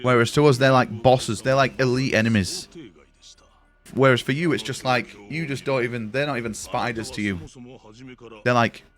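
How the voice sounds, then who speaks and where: A young man talks to his live-stream chat from his room in a loose, rambling way, swearing freely as he goes. His voice sits at an ordinary middle pitch. Soft music plays quietly underneath. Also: fairly even intonation, normal speed. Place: home room.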